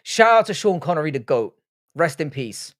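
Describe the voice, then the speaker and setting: A man's voice: fairly high pitch, very animated, normal speed, fairly bright tone. A young man hosting a casual livestream, reading the chat aloud and rambling with crude jokes. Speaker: livestream host.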